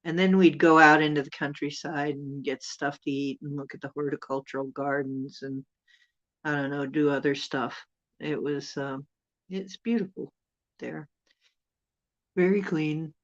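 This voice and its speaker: A woman's voice: sits low, steady tone, unhurried, highs cut off. A woman hosting a casual live chat with viewers, rambling and chuckling as she teases them. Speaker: host.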